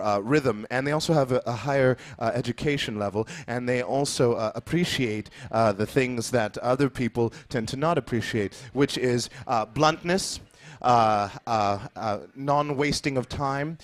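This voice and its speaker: A man riffs on stage in a jazz club, winding through mock-serious musings with lots of "um"s and sudden tangents. His voice sits in a middle register, and the delivery is loose and playful. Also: mid-range voice. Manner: rambling, absurd, shifts into quick voices. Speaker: comedian. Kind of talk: improvised stand-up.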